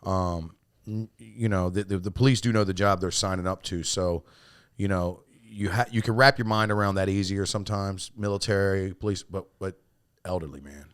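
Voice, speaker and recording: A man hosting a podcast in casual chat, loose and swearing, with many restarts and sudden louder bursts. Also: low-pitched, normal speed, smooth, no room sound, clean studio sound. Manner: loose and swearing, restarts a lot, bursts up loud when excited. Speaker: podcast host and coach.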